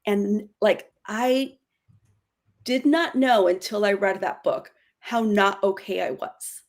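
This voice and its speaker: A woman in her forties speaking earnestly as a podcast guest, with quick self-correcting bursts in candid conversation. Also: mid-range voice, steady tone. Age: 40s.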